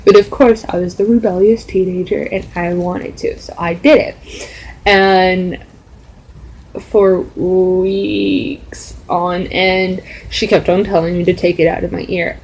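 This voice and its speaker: Chatty young woman, lower voice. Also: fairly even intonation, a little slow, breathy edge, low-quality recording. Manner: rambling, chatty, full of "like" fillers. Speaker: vlogger. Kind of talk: casual storytelling.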